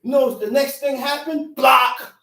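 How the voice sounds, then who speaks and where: A religious teacher with a strikingly high voice gives a Sabbath teaching to a small group, speaking a little slowly in a streetwise, conversational way and punching points home with sudden shouts. The distant mic picks up heavy room echo.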